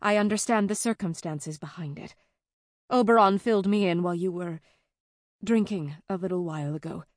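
A woman voicing a middle-aged mother who speaks in a measured, hesitant way. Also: lowish voice, dry recording, clean studio sound, natural voice. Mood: guarded.

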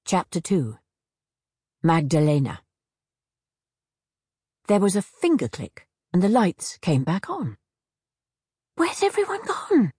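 A woman narrating a children's storybook with expressive reading and many character voices. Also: lowish voice, slow pace, pauses often, husky, no room sound, studio quality.

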